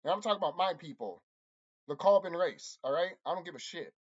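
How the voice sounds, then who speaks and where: A channel host delivering an angry, profane monologue to viewers, repeating himself and insulting his audience. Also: fairly quick. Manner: lively swings in pitch and loudness. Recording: dull lo-fi recording.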